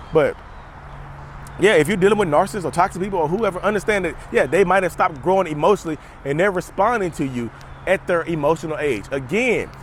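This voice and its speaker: A man's voice: on the high side, a little hiss or hum. A man talking off the cuff outdoors to his viewers, rambling and joking as he goes. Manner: rambling, jokey, addresses viewers as y'all. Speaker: mental health vlogger. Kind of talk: casual unscripted monologue to camera.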